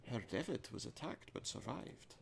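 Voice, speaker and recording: A man's voice: medium pitch, lively intonation, normal speed, creaky, a little hiss or hum. A man voicing a formal, foreign-accented male scholar in a mystery game, reading his lines in a put-on accent. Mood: grave.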